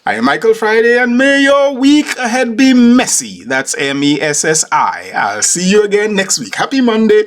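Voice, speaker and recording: A man's voice: high voice, sing-song, moderate pace, hardly any pauses. A man hosting a podcast, delivering a humorous scripted monologue with formal, precise diction. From Caribbean. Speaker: podcast host.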